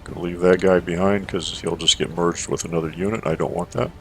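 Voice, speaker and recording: A man giving measured strategy gameplay commentary into a desk microphone, thinking aloud with fillers as he plays. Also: low voice, fairly even intonation, a bit bright, faint music behind.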